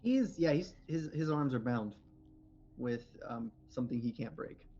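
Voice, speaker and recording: A man acting as game master for a tabletop game, chatty and relaxed with many fillers. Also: medium pitch, unhurried, slight background noise. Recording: slightly dull lo-fi audio.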